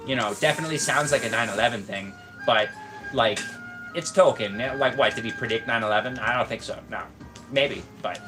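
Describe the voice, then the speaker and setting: A man casually rambling on a stream, joking deadpan with lots of fillers. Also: medium pitch.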